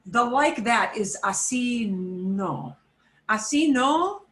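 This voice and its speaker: A woman's voice: fairly high pitch, expressive, takes it slowly, a bit bright. A woman teaching a beginner Spanish lesson, explaining patiently step by step and mixing Spanish phrases into her English.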